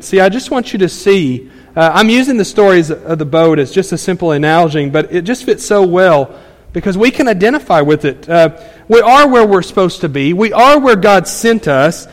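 A man's voice: high voice, lively intonation, moderate pace, long reverb tail. A man preaching a Sunday sermon in a church, conversational and folksy, with frequent fillers and restarts. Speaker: pastor. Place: church sanctuary.

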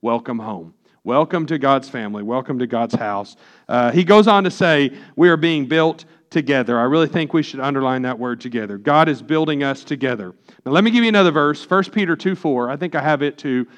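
A man preaching a sermon as pastor, reading scripture slowly and putting questions to the congregation. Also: mid-range voice.

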